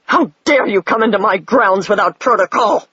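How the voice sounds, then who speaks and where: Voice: mid-range voice, normal speed, pushed and bright, breathy edge, dry recording, dull audio. A reader voicing a cruel, suspicious female sperm whale wizard who speaks sharply. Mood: hostile.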